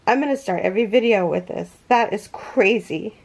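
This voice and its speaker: A woman's voice: mid-range voice, normal speed, vocal fry, a little mellow. A woman hosting a crochet vlog from her home yarn room, gushing with thanks and close to tears as she opens packages. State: near tears. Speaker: crochet channel host. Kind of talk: casual unboxing vlog.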